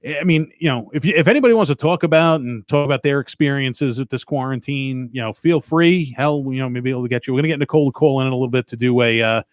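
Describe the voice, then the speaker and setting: A man's voice: medium pitch, fast, few pauses, no room sound. Stuffy-nosed Long Island man, dry sound. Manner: rambling, profane and joking. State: stuffed up nose. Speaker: podcast host. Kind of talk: casual chat.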